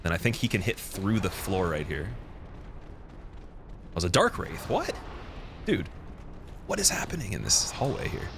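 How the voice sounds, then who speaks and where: A man's voice: lowish voice, wildly swooping pitch, normal speed, gravelly, long pauses, over music. A young man streaming a game, chatting casually with a rambling, laughing manner. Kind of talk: casual live gameplay commentary.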